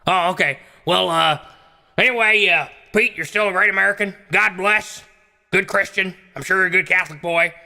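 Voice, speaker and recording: A man's voice: sits high, normal speed, vocal fry, pushed and bright, heavily acted. A man voicing a blustering Texan talk-show host who rambles with many fillers, in an echoey hall. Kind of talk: comedy sketch role-play.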